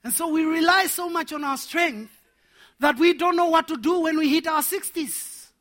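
Bright, high-voiced preacher. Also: male voice, normal speed. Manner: animated, laughing, acts out little scenes. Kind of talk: sermon to men.

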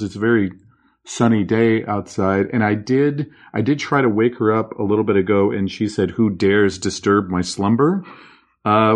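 A man co-hosting a casual podcast, joking in a dry, halting way with frequent restarts. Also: lowish voice. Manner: jokey, deadpan, halting restarts. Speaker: podcast co-host. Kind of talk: casual chat.

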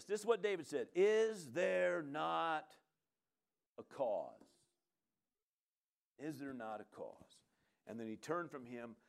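A man preaching a sermon in an animated, conversational way, often breaking off with quick asides to the listeners. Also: medium pitch.

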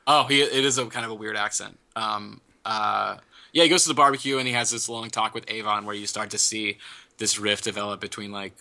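A man with a very bright, tense voice retells scenes from a show in casual chat. His pitch sits a little low. He rambles, restarts often and fills pauses with "uh" and "you know.". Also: steady tone, creaky.

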